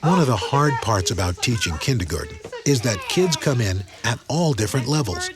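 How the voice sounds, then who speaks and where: A man narrating a documentary segment in a clear, explanatory scripted delivery. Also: mid-range voice, big pitch swings, a little fast. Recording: loud background music.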